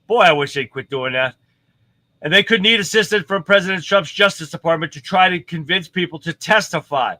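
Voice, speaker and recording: A man's voice: high voice, fairly quick, sharp tone, no echo. A man hosting a live political commentary stream, reading headlines aloud and reacting bluntly with plenty of profanity. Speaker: livestream host.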